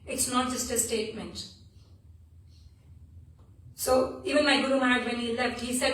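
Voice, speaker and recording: A woman's voice: fairly high pitch, steady tone, normal speed, long pauses, fairly bright tone. A woman giving a devotional scripture class at a temple, telling stories earnestly with frequent restarts. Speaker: temple speaker. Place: temple hall. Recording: echoey room from far off.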